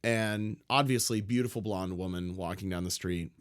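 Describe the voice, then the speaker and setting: A man with a fairly low voice co-hosts a podcast in a loose, casual chat. He tells stories playfully and in close detail. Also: normal speed. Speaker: podcast co-host.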